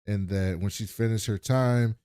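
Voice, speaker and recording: A man's voice: on the low side, fairly even intonation, moderate pace, warm tone, clean tone, dry recording, clean studio sound. A man co-hosting a podcast, animatedly retelling an episode and acting out the quotes in a casual chat. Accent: American. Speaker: podcast co-host.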